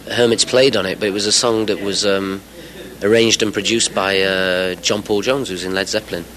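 A man's voice: lowish voice, a bit bright, slight background noise, poor audio. A man in his forties from England, chatting as the guest in a radio interview, rambling with fillers and the odd laugh. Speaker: musician guest.

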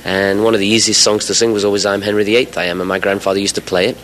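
A man in his forties from England speaks as a radio interview guest. His voice sits a little low, and he rambles cheerfully, with fillers and the odd laugh. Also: little pitch movement, racing, a bit bright, slight background noise, low-quality recording. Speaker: musician guest.

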